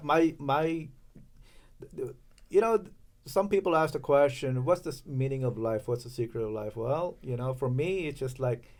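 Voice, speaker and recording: Podcast guest: man from Los Angeles, mid-pitched, chatty and halting, leans on fillers. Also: darkish tone. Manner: halting, many fillers and restarts. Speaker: podcast guest, chamber of commerce president. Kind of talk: casual interview chat.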